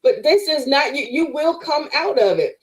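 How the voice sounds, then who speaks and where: A woman's voice: high voice, animated, normal speed, low-quality recording. A woman guest on a podcast giving an emphatic, preacherly faith testimony in conversation, speaking straight to her listeners.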